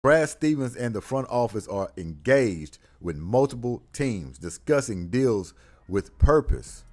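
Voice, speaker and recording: A man hosting a casual sports talk show, speaking animatedly, with frequent laughter and loud whoops. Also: low voice. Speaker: sports commentary host.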